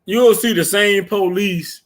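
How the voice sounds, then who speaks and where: A man's voice: sits high, slow. A man on a casual podcast, telling stories with lots of swearing and laughing as he goes. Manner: storytelling, profane, laughs while telling. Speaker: podcast co-host. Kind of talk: casual chat.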